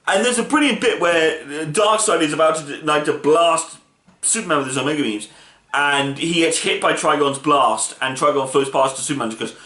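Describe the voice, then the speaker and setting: A man's voice: fairly high pitch, moderate pace, pushed and bright. A man casually reviewing a film, retelling the plot with enthusiastic, rambling energy. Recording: roomy echo.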